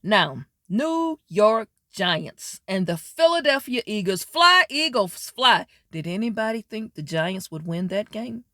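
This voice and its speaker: A woman doing a casual sports wrap-up, sassy and animated, talking straight at teams and players. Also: mid-range voice, a little slow, hardly any pauses, no room sound, studio quality. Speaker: sports commentary vlogger.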